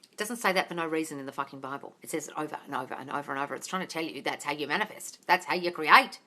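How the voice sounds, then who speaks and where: Woman, livestream coach, bright and forward voice, blunt and sweary, calls everyone darling, phone mic. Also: sits low, rapid-fire. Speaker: manifesting coach answering viewer questions.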